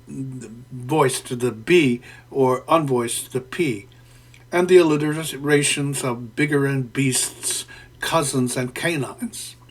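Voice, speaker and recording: Slow, deliberate man analyzing a poem. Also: fairly high pitch. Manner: deliberate and professorial, with frequent "uh" fillers and self-corrections. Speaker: poetry lecturer. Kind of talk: spoken literary analysis.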